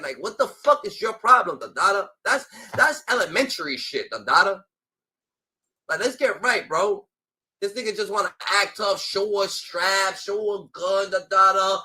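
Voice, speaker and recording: Husky, heckling streamer man. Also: sits high, animated, fast, pushed and bright, rough recording. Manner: profane, heckling, keeps saying "da, da, da". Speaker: streamer reacting to a clip. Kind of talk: heated reaction commentary.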